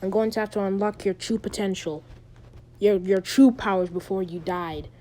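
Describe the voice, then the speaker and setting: A woman voicing a stern male dragon in a fan retelling, in a flat, terse read. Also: mid-range voice, moderate pace, close to an everyday voice. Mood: commanding. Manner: flat, barely acted, terse.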